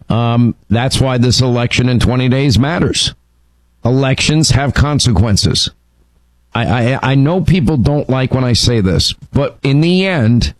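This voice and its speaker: A man's voice: mid-range voice, darkish tone, no echo, poor audio. A man hosting a call-in radio show, emphatic and stumbling over restarts as he makes his points. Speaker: radio talk show host. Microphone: studio microphone.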